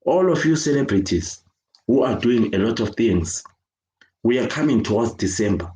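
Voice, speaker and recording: A man's voice: medium pitch, lively intonation, moderate pace, mellow, roomy sound, poor audio. A Zimbabwean man speaking out in an impassioned video rant, angry and emphatic, repeating himself as he condemns what he has seen. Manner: angry, emphatic, repetitive, switching between English and Shona. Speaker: children's worker speaking out.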